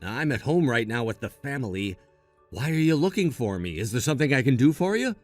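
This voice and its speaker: A man's voice: medium pitch, sing-song, brisk, soft background music, lightly acted. A man playing a lying, evasive husband with a glib manner. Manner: glib, then pleading.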